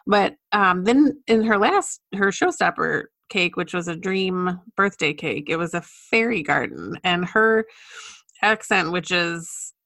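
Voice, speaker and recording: Relaxed woman recapping casually. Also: lowish voice, measured pace, gravelly. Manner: relaxed storytelling, trailing off, filler words. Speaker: podcast co-host. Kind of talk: casual chat.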